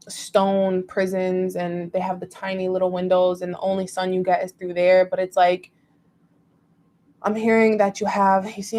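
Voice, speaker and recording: A woman with a lowish, slightly mellow voice gives her viewers a casual tarot reading. She rambles emotively, packing her talk with fillers and leaning heavily on "like."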